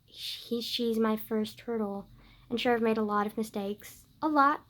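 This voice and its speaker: A girl in her late teens chatting casually to camera, telling a story with lots of "like," swinging between loud outbursts and quiet asides. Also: on the high side, measured pace. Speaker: vlogger.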